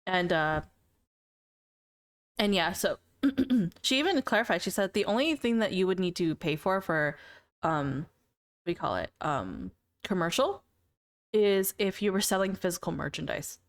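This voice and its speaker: In casual conversation with her stream viewers, a young livestreamer speaks in a fairly low, animated voice at a measured pace, pausing often. She giggles frequently between sentences and repeats words.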